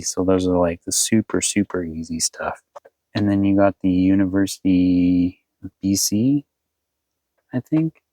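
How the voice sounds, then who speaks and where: Low-voiced man rambling in a casual vlog. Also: a little mellow, low-quality recording. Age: adult, past eighteen. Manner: rambling, thinks aloud, addresses viewers as guys. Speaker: vanlife vlogger. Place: inside his camper van.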